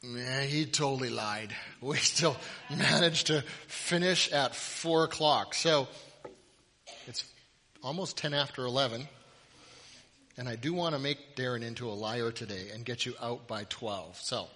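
A man's voice: medium pitch, a little slow, pushed and bright. A man preaching a sermon with humorous storytelling in a large hall. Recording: reverberant hall.

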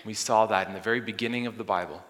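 A man preaching a sermon, swinging from loud exclamations to hushed whispers. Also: lowish voice, steady tone, rapid-fire. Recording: long hall reverb.

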